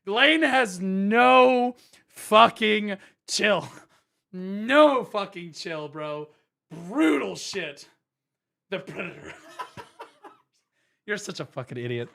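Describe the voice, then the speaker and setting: A man, a former teacher, chatting casually on stream and telling stories, profane and animated. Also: high-pitched, takes it slowly, creaky, pauses often. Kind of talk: casual stream chat and storytelling.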